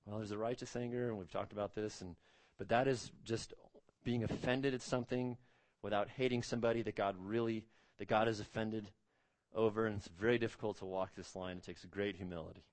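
A man preaching a sermon as pastor, speaking emphatically, rising on key words and dropping low and quiet on solemn points. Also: fairly even intonation, fairly quick, no echo.

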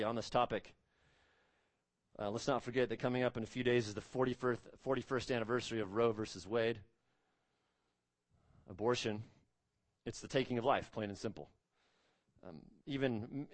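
A man preaching a sermon as pastor, speaking emphatically, rising on key words and dropping low and quiet on solemn points. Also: no echo.

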